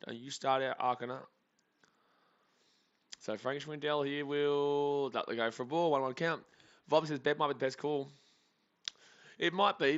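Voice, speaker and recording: A man rambles cheerfully through live baseball reactions, joking with his viewers. His voice is bright and forceful, at a middle pitch. The audio is slightly dull and lo-fi. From Australia. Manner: chatty, rambling, jokey. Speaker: sports streamer. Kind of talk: live game reaction commentary.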